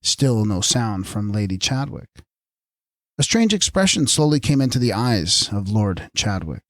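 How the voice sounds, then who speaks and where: A man narrating a story aloud in a measured storytelling reading. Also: on the low side, very animated, dry recording. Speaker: audiobook narrator. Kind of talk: scripted narration.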